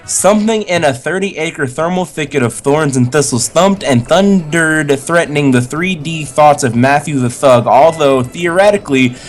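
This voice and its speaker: A man's voice: fairly high pitch, moderate pace, hardly any pauses, soft background music. A man hosting a casual livestream with friends, reading tongue twisters aloud, laughing a lot and swearing when he trips up.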